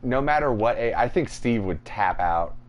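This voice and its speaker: A man's voice: medium pitch, moderate pace. A man co-hosting a podcast, telling crude stories in casual chat and acting out other people's voices. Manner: crude, animated, acts out voices in anecdotes. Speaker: podcast co-host.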